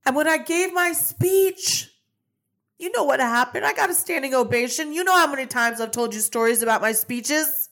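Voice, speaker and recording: A woman's voice: on the high side, steady tone, normal speed, fairly bright tone. A woman hosting a podcast, giving a fervent, emphatic spiritual pep talk. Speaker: podcast host. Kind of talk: motivational monologue.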